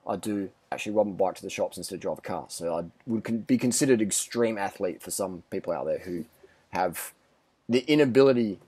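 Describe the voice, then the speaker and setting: A man's voice: deep voice, a little fast, mellow, husky, no room sound. A man in his forties ranting bluntly and boastfully to camera as a fitness and diet vlogger, swearing often and restarting his sentences. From Australia. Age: 40s. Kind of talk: casual rant to camera.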